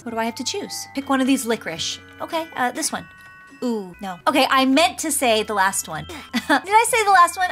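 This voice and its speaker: A woman hosting a gaming video, giving excitable, gushing running commentary as she plays. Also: high voice. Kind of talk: gameplay commentary.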